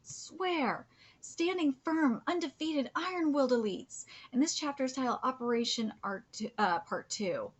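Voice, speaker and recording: A woman streaming a live manga reaction, gushing, cursing freely and often dropping into breathy whispers. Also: sits high, animated, normal speed. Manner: gushing, swears a lot, drops into whispers.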